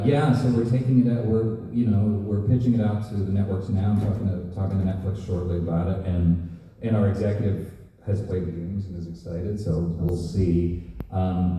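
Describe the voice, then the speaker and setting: A man with a neutral American accent, telling stories and laughing as a guest on a convention panel. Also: deep voice. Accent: neutral General American. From Canada. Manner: animated storytelling, laughs often. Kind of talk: casual convention panel talk. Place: large convention hall. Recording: distant echoey hall, muffled.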